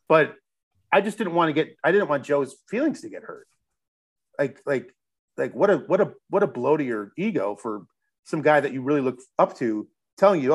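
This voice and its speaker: A man's voice: on the high side, expressive, fairly quick, husky. A middle-aged man from Chicago, a musician guest telling a long story in a loose, rambling way, restarting his sentences and swearing now and then. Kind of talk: casual storytelling interview.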